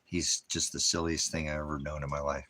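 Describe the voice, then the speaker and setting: A man's voice: very deep voice, little pitch movement, brisk, pushed and bright, a little hiss or hum. A man casually chatting to his dogs, affectionate and goofy, slipping into baby talk. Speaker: dog owner.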